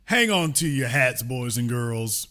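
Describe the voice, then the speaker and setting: A political commentary show host talks in a folksy, teasing manner, drawing out his remarks. His medium-pitched voice is expressive, bright and forceful.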